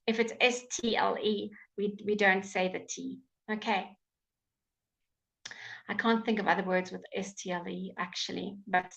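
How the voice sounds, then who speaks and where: A woman with a British accent teaching English pronunciation in a live online class, enunciating words slowly and clearly, with frequent fillers. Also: medium pitch, pushed and bright, poor audio. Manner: slow, clear, drawn-out enunciation with many fillers. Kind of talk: live online language lesson.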